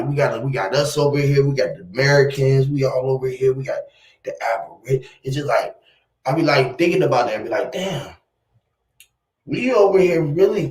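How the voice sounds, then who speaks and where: A man in casual chat, laid-back and slangy, repeating himself as he plays with words. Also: mid-range voice. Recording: echoey room.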